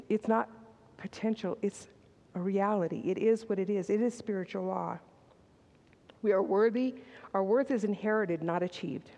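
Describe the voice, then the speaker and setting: Speaking at a church service, an older woman offers an open, conversational sermon, restarting sentences and slipping in personal asides. Her voice is mid-range and dark, echoing with long reverb in a large hall.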